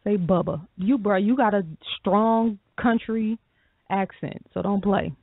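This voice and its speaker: Gravelly woman, reflective radio co-host. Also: medium pitch, no room sound. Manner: reflective, measured, frequent ums. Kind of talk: call-in radio talk. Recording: dry tinny phone line.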